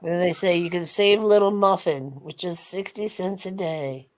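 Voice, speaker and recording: A woman in casual pub-style chat, an animated storyteller who swears freely. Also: fairly low pitch, moderate pace. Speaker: co-host.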